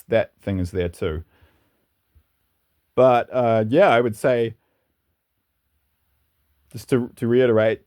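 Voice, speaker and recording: With a fairly low, dark voice, a man runs his own channel and shares his views in a loose, opinionated monologue. He's earnest and rambling and laughs now and then.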